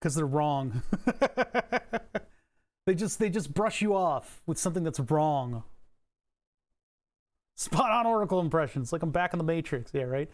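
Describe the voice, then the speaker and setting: At a moderate pace and in a higher, animated voice, a streamer comments on his electronics and coding live. He thinks out loud over code and datasheets, muttering, swearing, and chuckling along the way.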